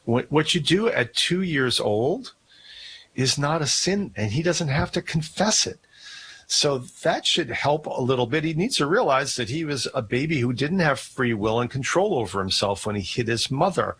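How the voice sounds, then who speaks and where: A man hosting a talk radio show, giving calm explanations. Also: mid-range voice, normal speed, slight background noise. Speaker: radio host.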